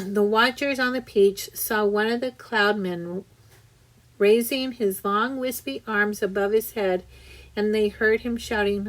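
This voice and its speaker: A woman narrating a children's storybook aloud, deliberate with small restarts. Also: mid-range voice, steady tone, low-quality recording. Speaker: reader. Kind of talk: audiobook narration.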